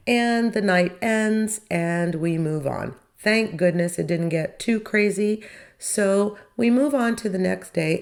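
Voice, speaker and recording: A woman with a lower voice hosts her own podcast, walking through episodes in a relaxed, chatty way. She drops wry opinions and poses rhetorical questions to her listeners. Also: gravelly. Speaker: podcast host. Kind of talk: casual recap commentary.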